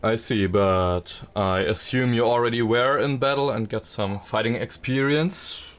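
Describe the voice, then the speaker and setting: A man's voice: mid-range voice, measured pace, fairly bright tone, clean tone. A man playing a tabletop game, speaking politely and a little formally in character. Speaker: player. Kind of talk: in-character tabletop role-play.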